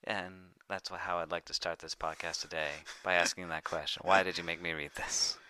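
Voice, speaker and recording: A man's voice: deep voice, flat delivery, brisk, bright, forceful tone, clear, resonant tone, no echo, clean studio sound. A man co-hosting a casual book podcast, joking and bantering with his brother. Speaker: podcast co-host.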